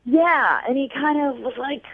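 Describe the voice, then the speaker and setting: A woman's voice: high voice, measured pace. A woman calling in to a radio show, chatty and a little sassy as she tells her story. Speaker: caller. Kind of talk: telling a dating story on air. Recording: tinny phone line.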